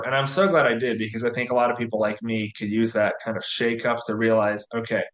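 Chatty man in an echoey room. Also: fairly low pitch. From US, near Atlanta. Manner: relaxed, chatty, many fillers like "you know". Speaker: guest. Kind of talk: casual interview.

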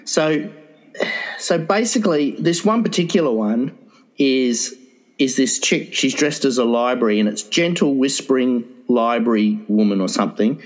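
A man's voice: medium pitch, expressive, moderate pace, rough recording. A man co-hosting a casual chat, joking around and hedging his words with lots of "uh" and "um". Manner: jokey, hesitant with many fillers.

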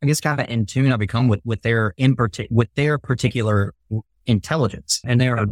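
A man's voice: mid-range voice, brisk, dry recording. A man speaking earnestly and thoughtfully as a guest in an interview. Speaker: guest, retired veteran. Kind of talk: casual interview talk.

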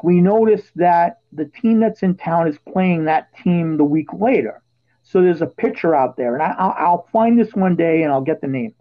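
A man hosting a podcast, telling casual stories and getting loud and animated when he quotes his own yelling. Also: high-pitched. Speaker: podcast host. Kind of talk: casual storytelling chat. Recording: dull lo-fi podcast audio.

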